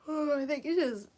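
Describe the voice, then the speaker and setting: A woman's voice: high voice, darkish tone. A woman hosting a casual live stream who reads out viewer comments, encouraging and laughing often, sleepy and yawning.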